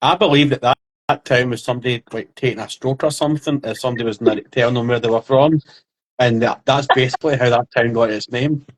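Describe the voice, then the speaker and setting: A man of medium pitch co-hosts a relaxed podcast. He jokes and ribs the others in easygoing banter. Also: quick pace. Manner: joking, teasing banter. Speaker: podcast co-host. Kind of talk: casual chat.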